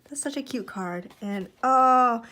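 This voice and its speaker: A young woman vlogging as she opens a package, casual and excitable, squealing and giggling often. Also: a little high, slow pace, slight background noise. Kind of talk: casual unboxing chat.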